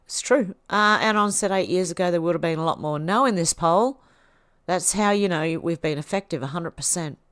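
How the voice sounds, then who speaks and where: Heard in a dry, studio-quality recording, this livestream host is a woman from Australia with a lowish voice. She reads posts out loud and responds to them in a talkative way.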